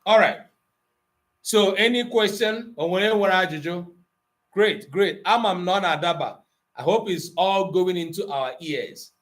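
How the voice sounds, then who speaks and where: A man's voice: high voice, animated, a little slow, a bit bright. A man teaching an online language class, patiently explaining grammar and moving between Igbo and English.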